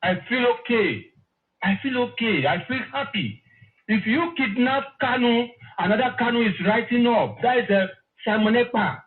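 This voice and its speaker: A man's voice: very high voice, expressive, moderate pace. A man calling in to a live show, earnest and effusive, repeating himself. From Nigeria. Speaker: caller. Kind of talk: phone call to a live show. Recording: tinny phone line.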